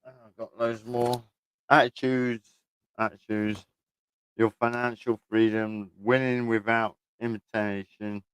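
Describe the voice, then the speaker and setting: A man's voice: on the low side, flat delivery, measured pace, hardly any pauses, clear, resonant tone. A middle-aged man chatting casually at home, rambling, chuckling and swearing freely as he talks to camera. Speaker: vlogger. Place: room at home, indoors.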